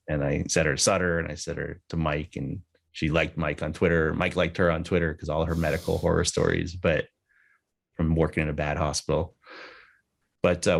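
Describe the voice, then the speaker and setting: A man with a very low voice speaks at a memorial gathering, telling a personal story in tribute. His tone is candid and conversational, with the odd casual swear, and his voice carries a gravelly fry. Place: live gathering with people present.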